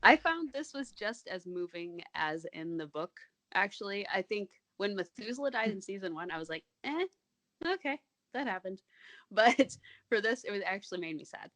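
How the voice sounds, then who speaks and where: Female co-host, even mid-range voice, thoughtful and conversational, dry studio sound. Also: mid-range voice, normal speed, dry recording. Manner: reflective, compares the show with the book. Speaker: podcast co-host. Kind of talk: casual chat.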